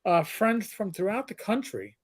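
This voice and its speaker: A man in his fifties hosting a casual livestream chat, telling stories in an animated, rambling way with many restarts. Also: high voice, normal speed. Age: 50s. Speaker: host.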